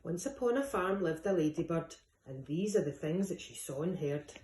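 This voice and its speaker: A woman, a teacher, reading a rhyming picture book aloud in a lively, sing-song way. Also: fairly low pitch, moderate pace, a little hiss or hum. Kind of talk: storybook read-aloud. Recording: echoey room.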